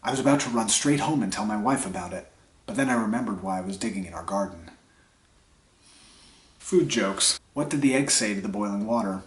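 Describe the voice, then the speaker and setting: A man reading jokes aloud in a deadpan way, trailing off quietly after each punchline, while sick with a dry cough. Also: lowish voice, a little fast. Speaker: comedy vlogger. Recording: echoey room.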